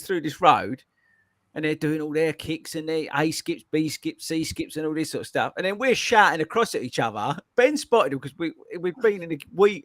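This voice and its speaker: A man hosting a running podcast, telling stories in a lively, laughing way. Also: a little high, no echo, studio quality. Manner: animated, laughing storyteller. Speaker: podcast host. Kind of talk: casual chat.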